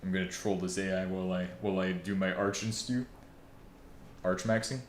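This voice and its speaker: A young man with a fairly low voice chats loosely on a live stream, trailing off, swearing and joking to himself as he types. The room around him is echoey, with a faint hiss of noise underneath. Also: fairly even intonation, fairly quick. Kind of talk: casual live-stream chatter while working.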